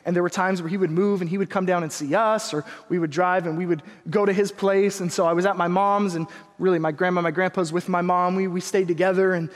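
A young man preaching a sermon, telling a personal story in an earnest, animated way, with quick asides to the congregation. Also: high-pitched, in a large hall. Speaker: pastor.

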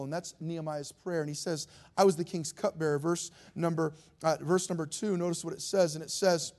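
A man's voice: on the high side, a little mellow. A man preaching a sermon, reading scripture aloud in its old formal wording and then explaining it in plain, conversational words.

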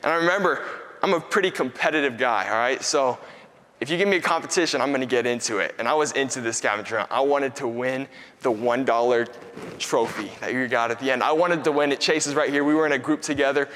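A young man preaching a sermon in a conversational, energetic way, acting out his own stories for the room. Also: medium pitch, fast talker. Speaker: pastor. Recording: long hall reverb.

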